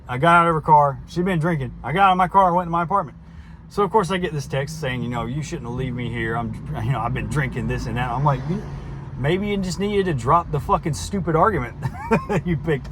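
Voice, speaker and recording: A man's voice: on the high side, animated, brisk, fairly bright tone. Rambling man telling a story, faint background hum. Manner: rambling, frequent restarts and fillers, laughs while recounting. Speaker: host. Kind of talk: casual storytelling monologue.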